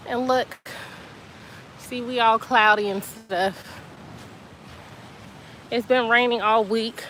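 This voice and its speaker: A woman's voice: a little high, sharp tone, slight background noise, poor audio. A woman live-streaming outdoors by a beach, out of breath and chatting straight to her viewers on a phone. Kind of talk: casual live-stream chat.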